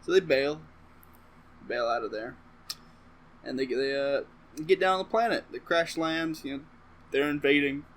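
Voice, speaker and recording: A man's voice: on the high side, measured pace, pauses often, a bit bright, low-quality recording. A man casually rambling through a comedic movie recap to camera, swearing freely and interrupting himself with asides. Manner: profane, offhand and rambling, with self-interrupting asides. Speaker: comedic vlogger.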